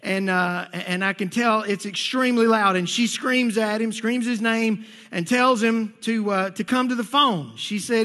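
High, bright-voiced pastor in a reverberant hall. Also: male voice, normal speed, few pauses. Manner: storytelling with stammered restarts and acted-out quotes. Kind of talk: sermon. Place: church sanctuary. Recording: long reverb of a church hall.

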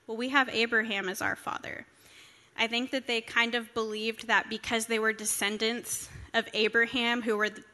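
Young woman preacher, slightly high, crisp and bright, casual storytelling sermon delivery. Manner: conversational, candid, with personal anecdotes. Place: church.

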